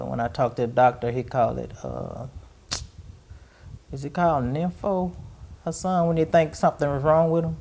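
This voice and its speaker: A middle-aged woman with a creaky, gravelly voice hosts a podcast conversation. She tells a personal family story in a rambling, searching way, often circling back before landing on the word she wants. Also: extremely low pitch, dark tone. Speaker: podcast host.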